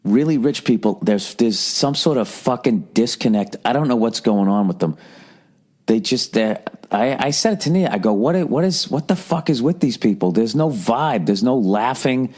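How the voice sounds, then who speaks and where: A man in his forties with a Boston accent, hosting a solo comedy podcast and ranting in a profane, sardonic, animated way. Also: medium pitch, moderate pace, slightly rough. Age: 40s. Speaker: podcast host.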